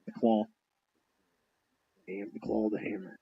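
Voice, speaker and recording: Husky blunt man, lo-fi podcast sound. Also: on the low side, monotone, a little slow, no room sound. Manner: blunt, swears freely, laughs along. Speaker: podcast co-host. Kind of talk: casual profane chat. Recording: dull lo-fi audio.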